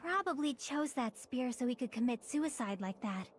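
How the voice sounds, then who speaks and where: An actress playing a calm young female student who explains evidence in a video game. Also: high voice, moderate pace. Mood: matter-of-fact.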